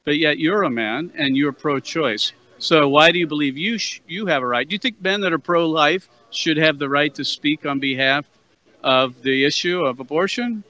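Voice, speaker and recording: A man with a bright, somewhat high voice leads a street debate outdoors on a campus plaza. He asks persistent, probing questions and trips over repeated words as he pushes his point. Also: normal speed, poor audio. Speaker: anti-abortion street activist interviewer.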